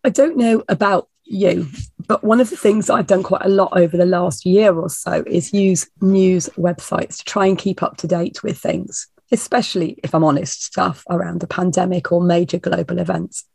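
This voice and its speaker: A woman minister, croaky and hoarse from a cold, her voice gravelly and husky. She talks to her congregation in a chatty, reassuring way, with plenty of ums, and the sound is dry and close. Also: medium pitch, a little mellow, no room sound. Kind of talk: informal sermon introduction.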